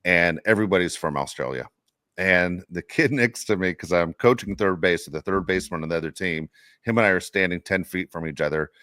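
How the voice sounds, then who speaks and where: A middle-aged man co-hosting a podcast, telling stories in a casual, animated way and laughing often. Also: low-pitched, a little fast, no echo, studio quality. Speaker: podcast co-host. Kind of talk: casual chat.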